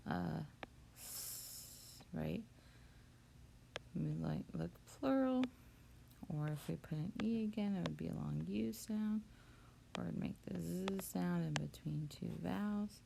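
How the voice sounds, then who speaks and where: A woman's voice: lowish voice, gravelly, dark tone, low-quality recording. A woman teacher patiently walking through a phonics spelling lesson step by step. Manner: slow, patient, step-by-step explaining. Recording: noticeable background noise.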